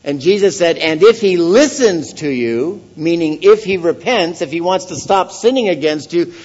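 A man giving a sermon as pastor, earnest and questioning the congregation, swelling to loud emphasis on key points. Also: fairly high pitch, animated, moderate pace, dull audio. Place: church.

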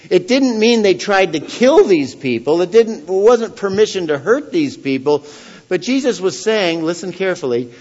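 A man giving a sermon as pastor, earnest and questioning the congregation, swelling to loud emphasis on key points. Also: sits high, dull audio. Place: church.

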